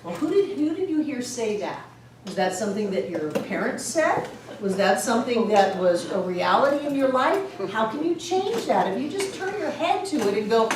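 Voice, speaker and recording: A woman's voice: on the high side, animated, brisk, a little mellow. A woman teaching a spiritual class, telling stories with animation, laughing often and acting out voices. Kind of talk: storytelling lecture to a class. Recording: very echoey room, distant mic, faint hiss.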